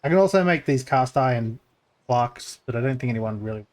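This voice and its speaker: A man's voice: expressive, a little fast, a little mellow. A man casually narrating his gameplay as a streamer, thinking aloud with lots of fillers and restarts. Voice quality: voice gets crackly when pushed deep.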